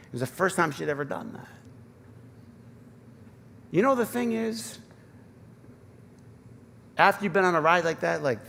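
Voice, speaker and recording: A man's voice: fairly high pitch, gravelly, fairly bright tone, a little hiss or hum. A man in his thirties preaching a conversational, self-deprecating sermon with personal stories, in a Michigan accent. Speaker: pastor. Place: church sanctuary. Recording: long church reverb, faint ambience.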